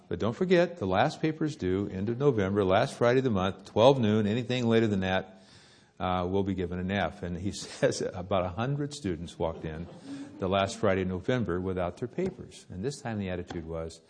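A man preaching a sermon, telling a story with lively rises and hushed drops. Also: lowish voice, normal speed.

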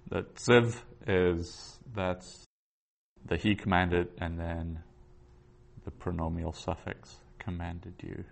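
Slow, deep-voiced man teaching Hebrew. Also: little pitch movement, vocal fry. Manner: patient, reads Hebrew aloud slowly, then explains grammar. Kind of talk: slow explanatory lesson.

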